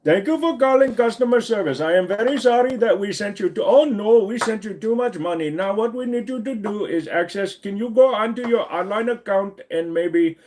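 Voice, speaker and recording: A man's voice: high voice, moderate pace, few pauses, a little mellow, voice pushed up, natural voice. A man putting on an exaggerated Indian accent to play a male call-center scammer who is overly polite and reassuring. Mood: fake-soothing. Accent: put-on Indian.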